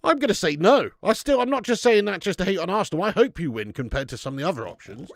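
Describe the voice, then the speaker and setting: A man in his thirties with a high-sitting voice talks fast with big pitch swings, and there's no echo. Hosting a live football watch-along, he offers match commentary, banters with chat viewers, and swears casually.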